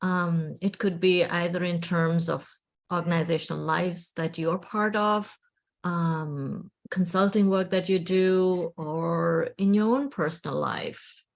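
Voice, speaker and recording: Slow, gravelly-voiced woman facilitator. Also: fairly low pitch, fairly even intonation. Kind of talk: facilitating an online dialogue session.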